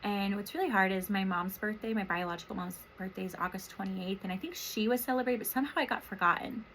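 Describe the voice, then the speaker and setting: A woman in her thirties, a therapist and podcast host from Washington State, speaking softly and emotionally in a rambling, reflective personal monologue. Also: mid-range voice, fast talker, a little hiss or hum, rough recording. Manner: soft, emotional, rambling with many fillers.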